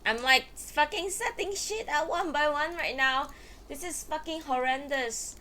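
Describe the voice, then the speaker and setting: A woman's voice: high-pitched, measured pace, bright, forceful tone. A woman streamer chatting live while she sets up, exasperated, swearing and muttering to herself.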